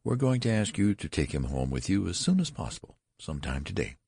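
Stern no-nonsense nurse lady, guy reading her in a raised voice, a bit husky. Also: on the low side, animated, normal speed, a little mellow, no echo, studio quality, pitched above the performer's own voice, heavily acted. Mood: severe. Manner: stern, insistent. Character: severe, firm hospital nurse, woman.

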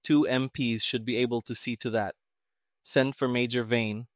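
A man voicing an impatient, gruff middle-aged army colonel who snaps curt orders. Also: medium pitch, steady tone, moderate pace, no room sound, clean studio sound, close to an everyday voice.

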